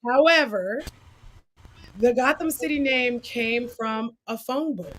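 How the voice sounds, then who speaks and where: A woman co-hosting a podcast in loose, profane banter, laughing often. Her voice sits a little high and carries a soft, breathy edge. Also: expressive, takes it slowly. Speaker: podcast co-host. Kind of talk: casual chat.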